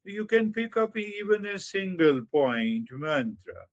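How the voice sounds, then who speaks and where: A man teaching meditation at an unhurried, measured pace, repeating short phrases and stretching out words before rising sharply for emphasis. His voice sits in an ordinary middle register. The recording sounds dull and a little muffled. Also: high voice, very animated. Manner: slow and repetitive, with drawn-out phrases and sudden emphatic rises. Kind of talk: spiritual talk.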